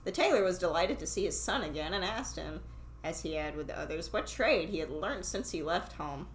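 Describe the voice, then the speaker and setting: A woman's voice: fairly low pitch, animated, fairly quick, reverberant, a little hiss or hum, rough recording. A woman reading a fairy tale aloud casually, breaking off for irreverent, swearing asides. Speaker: reader and host.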